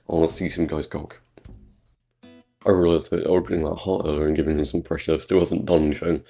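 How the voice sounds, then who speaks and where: A man's voice: low-pitched, steady tone, quick pace, warm tone, breathy edge, faint music behind. A man with a British accent, rambling crude jokes over gameplay commentary. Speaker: gaming YouTuber.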